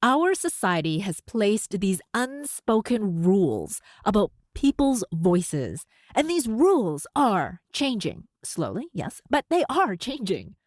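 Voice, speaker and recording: A woman's voice: medium pitch, huge pitch swings, slow pace, few pauses, dry recording, clean studio sound. A woman hosting a solo podcast. She speaks with a slight lisp, ends sentences with an upward lift, and laughs often. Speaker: podcast host.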